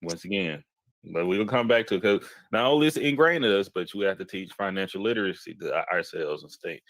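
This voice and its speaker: Low-voiced guy telling a story, animated, keeps restarting, dry close sound. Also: brisk, no echo. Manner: animated, repeats himself, jumps into quoted voices. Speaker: podcast host telling a story. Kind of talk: casual storytelling chat.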